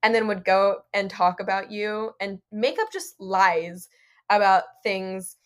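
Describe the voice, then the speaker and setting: A woman's voice: medium pitch, slow pace. Earnest young woman podcast guest. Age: young adult. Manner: rambling, earnest, frequent "like" and "you know". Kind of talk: casual interview chat.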